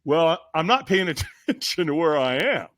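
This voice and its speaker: A man telling a personal story as a podcast guest, lively and emphatic, acting out quoted lines with sudden shouts. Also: on the high side, normal speed. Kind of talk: animated storytelling in conversation.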